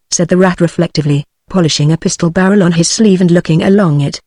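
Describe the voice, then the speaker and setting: A text-to-speech woman's voice with a British accent, reading a storybook aloud in an even, measured way. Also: on the low side, dry recording. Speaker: audiobook narrator. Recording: dry synthetic voice.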